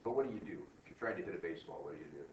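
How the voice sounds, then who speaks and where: Older man, low voice, lecturing a class and quizzing students, heard from far off in an echoey lo-fi room recording. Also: expressive. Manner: quizzing students with quick questions, teasing. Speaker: accounting professor. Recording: distant, roomy, dull lo-fi with faint noise.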